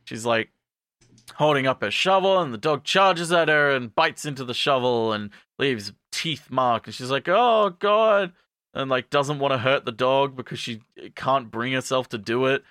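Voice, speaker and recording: A man's voice: mid-range voice, normal speed, bright, forceful tone, no room sound, studio quality. A man co-hosting a podcast, recapping a show in a rambling, playful way with jokey asides. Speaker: podcast co-host. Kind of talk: casual comedic recap.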